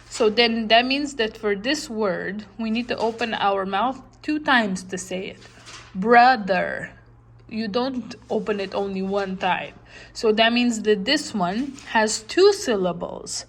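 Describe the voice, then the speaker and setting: A woman teaching a lesson, patiently repeating words and checking in with her listeners. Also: medium pitch. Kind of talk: classroom lesson, explaining slowly.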